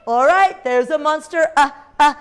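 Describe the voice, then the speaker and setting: A woman teacher reads aloud and runs games in a classroom, her voice sitting high at a moderate pace. She's lively and expressive, letting out playful gasps.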